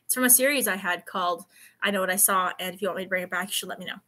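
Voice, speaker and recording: A woman in her late twenties chats casually on a live stream as a vlogger, telling rambling stories packed with fillers. Her mid-range voice is bright and forceful, and she talks very fast.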